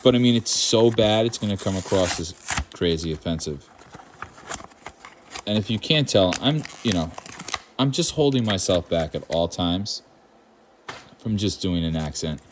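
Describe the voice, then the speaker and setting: On his own card-opening channel, a man born in Ireland rips packs while talking casually and dryly, wandering off on asides and putting on mock outrage. He has a deep voice, with slight hiss or hum in the recording.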